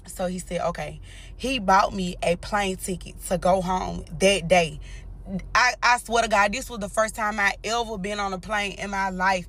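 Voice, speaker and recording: A woman's voice: mid-range voice, steady tone, normal speed, a bit bright. A young woman with a drawl tells her story casually and bluntly to viewers. She curses freely and keeps pulling the listener in with direct address. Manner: blunt, profane, talks straight to viewers.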